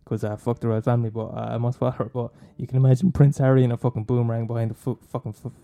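A man's voice: medium pitch, little pitch movement, rapid-fire, dark tone, faint music behind. A young man doing a profane, mocking comic rant, rambling and swearing constantly. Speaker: comedian.

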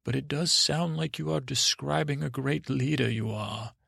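A man voicing a confident, smooth-talking male stranger who calmly offers advice and flattery in a bedtime story. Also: medium pitch, moderate pace, no room sound, studio quality, pitched above the performer's own voice, full character voice. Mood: smooth persuasive. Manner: calm, persuasive, slightly flattering.

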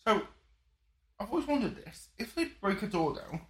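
Male co-host, mid pitch, lively, bright; quizzes the storyteller. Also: moderate pace. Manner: quizzing, chatty interjections. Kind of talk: casual chat.

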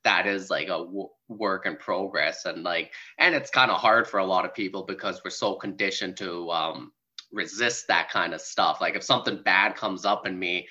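A man's voice: low voice, moderate pace, pushed and bright. A young man hosting a casual spiritual chat, rambling with many "like"s and easy laughs. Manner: rambling, heavy use of "like", laughs easily. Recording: dull lo-fi sound.

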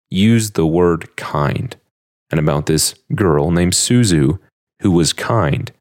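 Deep-voiced earnest man teaching scripture. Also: no echo, clean studio sound. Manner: earnest, musing, reads verses aloud with feeling. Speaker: podcast host teaching a scripture lesson. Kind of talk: reflective scripture lesson.

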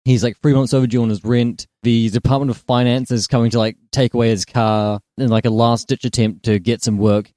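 A man co-hosting a casual film podcast, retelling the plot in a rambling way with deadpan jokes. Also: mid-range voice, brisk, few pauses, no echo, studio quality. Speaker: podcast co-host.

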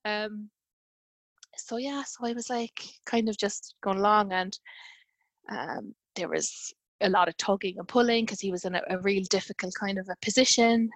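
A woman's voice: medium pitch, animated, moderate pace, no room sound. Chatty woman telling a personal story. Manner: chatty, many fillers and quoted dialogue. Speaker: guest telling her birth story. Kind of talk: casual conversational storytelling.

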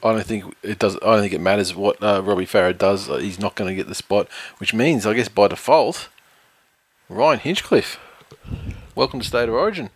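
A man co-hosting a casual sports podcast, rambling and chatty, reading listener reviews aloud slowly. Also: fairly low pitch, husky, dry recording. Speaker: podcast co-host.

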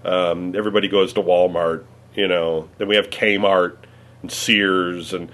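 A man from the Cleveland area, chatting casually in a rambling, halting way full of fillers and restarts. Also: low voice, fairly even intonation, fairly bright tone. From Cleveland area, United States. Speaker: conversation partner. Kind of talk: casual chat.

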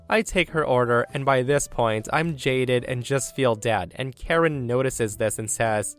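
Male podcast host, middle pitch, smooth voice, animated Reddit storyteller. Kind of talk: reading Reddit stories aloud. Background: faint background music.

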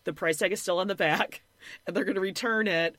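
A woman co-hosting a podcast, recapping a reality show in casual chat, animated and blunt, swearing freely and acting out other people in quick impressions. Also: fairly low pitch, no room sound. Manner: animated, mimics people in quotes, blunt and profane. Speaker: podcast co-host.

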